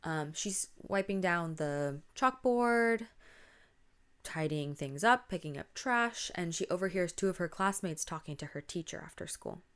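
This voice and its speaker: A woman casually retells a spooky story on her podcast, her voice sitting a little low. She talks in a chatty way and slips into a hushed whisper when the story gets tense. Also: expressive, unhurried, clean tone. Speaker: podcast host.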